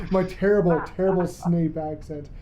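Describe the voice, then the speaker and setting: Very dark-voiced podcast host, dull recording. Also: medium pitch, a little hiss or hum. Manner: enthusiastic fan, rambling, quick jokes. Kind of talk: casual podcast chat.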